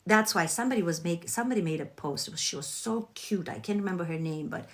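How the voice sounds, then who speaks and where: A woman hosting a casual spiritual livestream, gushing and chatting warmly with her viewers. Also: lowish voice, fast talker. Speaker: livestream host.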